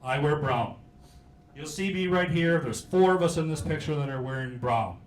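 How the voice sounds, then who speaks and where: A middle-aged man gives a casual, joking talk to a local audience, pausing often with fillers. His voice sits a little high. The room is echoey, with faint hiss behind him. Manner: folksy, joking, halting with fillers. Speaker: county sheriff giving a history talk. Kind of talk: informal public talk. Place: meeting hall. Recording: roomy hall with faint hiss.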